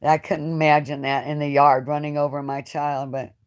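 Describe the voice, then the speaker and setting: A woman host in a live-stream chat, talking in an emotional, rambling way with many halting restarts. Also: deep voice, flat delivery, clean tone. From United States. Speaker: channel host.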